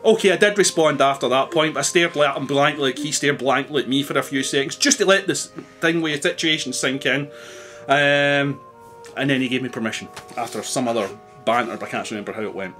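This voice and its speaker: A man's voice: mid-range voice, brisk, a bit bright, soft background music. A married man vlogging casually, answering questions in a rambling, self-deprecating way with many hesitations. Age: adult, married.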